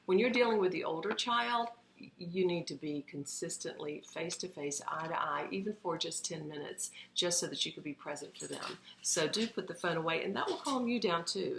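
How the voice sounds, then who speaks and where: A woman talks through parenting advice in a warm-paced, chatty live-stream style, often pausing on fillers. Her voice is bright and forceful, a little low for a woman. The sound is echoey, with faint background noise. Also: gravelly. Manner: earnest, conversational, lots of fillers. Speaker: parenting educator.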